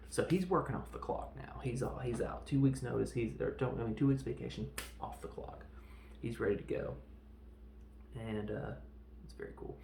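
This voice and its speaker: Gravelly guy rambling thru a movie recap, doing the lines and sound effects, echoey room. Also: mid-range voice, steady tone, a little fast, dark tone. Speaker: podcast host reviewing films. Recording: roomy echo, faint background noise.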